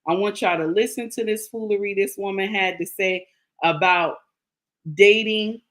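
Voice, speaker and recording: A woman's voice: medium pitch, normal speed, fairly bright tone. An older woman, giving sassy, preachy commentary to her viewers. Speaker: commentary vlogger. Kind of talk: casual opinion commentary.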